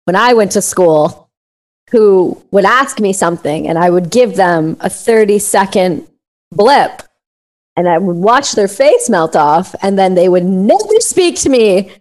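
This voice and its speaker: A woman hosting a casual conversation, blunt and laughing at dark humor. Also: medium pitch, lively intonation, a little slow, poor audio. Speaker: podcast host.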